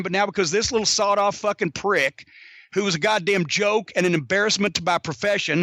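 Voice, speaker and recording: A man's voice: sits high, sharp tone, no room sound. A middle-aged man telling a heated, profanity-filled story on a podcast. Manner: heated, cursing constantly, Southern drawl. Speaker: podcast host.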